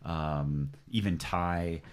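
A man's voice: low-pitched, very slow. A middle-aged man hosting a casual chat, talking emphatically, swearing freely and restarting his sentences often. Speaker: podcast host.

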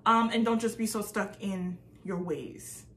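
A woman's voice: mid-range voice, a little slow, a bit bright, slight background noise. A woman co-hosting a casual chat about a reality show, playful and laughing often. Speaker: podcast co-host.

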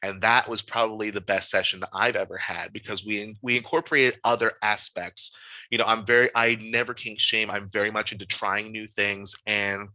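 Bright-voiced man telling a story. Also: fairly low pitch, normal speed, no echo, poor audio. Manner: candid, animated storyteller with frequent fillers. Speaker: podcast guest. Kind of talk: casual interview storytelling.

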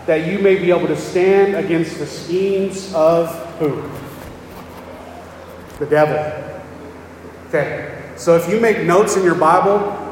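A pastor with a fairly high voice delivers a sermon in a plain, conversational style, often pausing to check in with his congregation by asking "okay?" The recording has a slight hiss or hum, and he sounds distant in an echoey hall.

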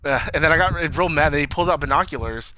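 A man recaps a TV episode casually, acting out characters' lines, swearing and laughing like an animated storyteller. His voice is on the high side and quick, captured in a noisy recording.

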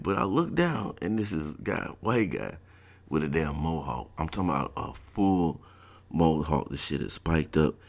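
A man with an extremely low, deep voice, telling a personal story in a relaxed, casual way. He talks in loose, slangy speech with plenty of fillers. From South Georgia, US. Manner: laid-back, slangy, laughs at his own story.

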